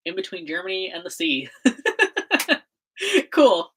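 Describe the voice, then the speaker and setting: A woman's voice: medium pitch, sing-song, slow, fairly bright tone, a little hiss or hum. A young American woman chatting casually on a livestream, bubbly and giggly, full of fillers and laughter. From United States. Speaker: livestream host.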